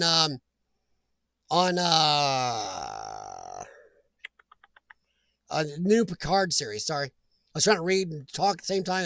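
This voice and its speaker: A man's voice: fairly high pitch, creaky, a bit bright, dry recording, studio quality. An American man hosting a casual live stream chat, rambling and reading viewer comments aloud.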